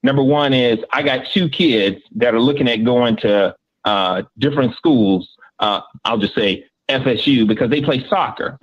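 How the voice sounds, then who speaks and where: A man's voice: mid-range voice, normal speed, slightly rough, dull audio. A middle-aged man from Florida calling in to a sports show, politely working through points he wrote down. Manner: polite, reading prepared points. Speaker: caller.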